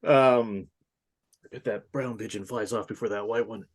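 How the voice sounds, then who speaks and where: A man co-hosting a podcast in a casual film discussion, animated, laughing often and swearing casually. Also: lowish voice, moderate pace. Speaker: podcast co-host.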